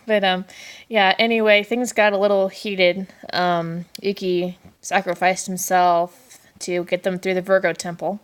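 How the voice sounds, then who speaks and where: A woman's voice: medium pitch, fairly even intonation, unhurried, smooth. Woman vlog host, casual chatty delivery, gushing with many fillers and giggles. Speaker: anime review vlogger. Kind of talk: casual review chat.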